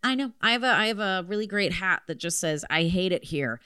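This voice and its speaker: A woman's voice: on the low side, animated, a little fast, sharp tone, clean tone, no echo, studio quality. A young woman in casual podcast chat, joking and wry.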